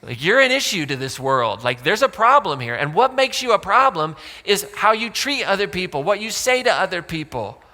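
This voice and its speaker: A man's voice: sits high, sing-song, moderate pace, hardly any pauses, sharp tone, big-room sound. A man pastor giving a sermon in a casual, joking way, with asides to the congregation. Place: church sanctuary.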